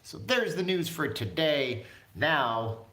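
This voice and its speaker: A man's voice: on the high side, animated, slow pace, pushed and bright. A man hosting a casual live stream from home, chatting loosely and reading viewer comments aloud. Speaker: vlog host. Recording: echoey room.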